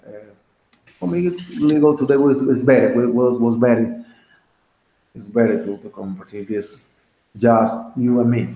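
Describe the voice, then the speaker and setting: A man's voice: medium pitch, mellow. Spanish-speaking guy teaching english over a call, lots of restarts, echoey room. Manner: halting, self-correcting English with many restarts. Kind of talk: online conversation class. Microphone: video call. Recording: roomy echo.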